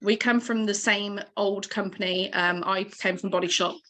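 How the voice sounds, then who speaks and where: A woman's voice: medium pitch, steady tone, moderate pace, fairly bright tone. Earnest woman on a video call. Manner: encouraging, earnest and emotional. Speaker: team leader giving a motivational training. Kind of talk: motivational talk on a video call.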